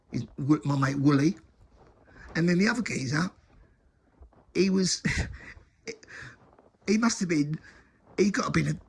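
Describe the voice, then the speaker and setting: Man, gravelly, candid rambling storyteller, faint hiss behind. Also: a little high. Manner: rambling, many restarts, chuckles often. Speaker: recovery storyteller. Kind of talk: casual spoken storytelling.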